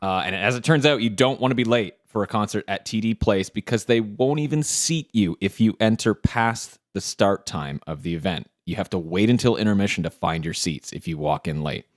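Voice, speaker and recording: A man's voice: fairly low pitch, expressive, fairly quick, few pauses, no echo, clean studio sound. A man co-hosting a podcast, telling a long story in a rambling, casual way with lots of "like" and some swearing. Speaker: podcast co-host.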